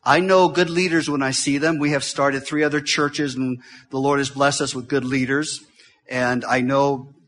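Fast-talking preacher man, bright voice. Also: mid-range voice, slight background noise. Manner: fast-talking, swings from loud to hushed. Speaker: visiting pastor. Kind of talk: sermon. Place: church.

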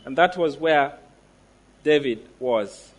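A man preaching a sermon, emphatic, slowing down to stress declarations and asking the listeners direct questions. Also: mid-range voice.

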